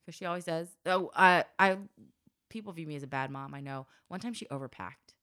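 A woman chatting casually about parenting, who often backs up the other speaker with quick "yeah"s. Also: low-pitched, fairly bright tone, clear, resonant tone. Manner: supportive listener, frequent "yeah" agreements. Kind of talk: casual chat.

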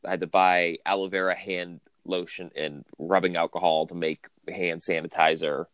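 A man's voice: low voice, level tone, normal speed, a bit bright, clear, resonant tone, dry recording. A man co-hosting a podcast from home, chatting casually in a rambling, joking way with lots of fillers. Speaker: podcast co-host. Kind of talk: casual chat. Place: home, remote recording.

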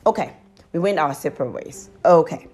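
A woman telling her viewers a confessional story in a chatty, animated way, laughing as she goes. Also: brisk, husky, faint music behind. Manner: laughs often and breaks into high squeals. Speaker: vlogger.

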